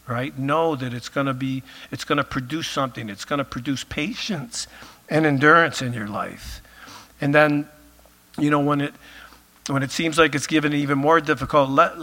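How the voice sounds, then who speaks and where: A man's voice: a little high, moderate pace, pushed and bright. A male pastor preaching a conversational sermon, full of filler phrases, while losing his voice.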